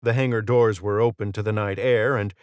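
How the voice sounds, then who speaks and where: Low, dry-voiced male narrator. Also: steady tone, brisk, clear, resonant tone, dry recording. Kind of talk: audiobook narration.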